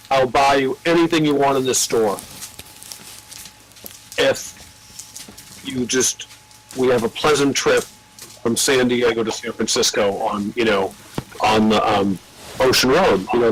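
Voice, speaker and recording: A man's voice: medium pitch, a little slow, long pauses, breathy edge, low-quality recording. An older American man who owns a record label, telling long rambling anecdotes with swearing and acting out the voices of the people he quotes. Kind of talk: casual storytelling.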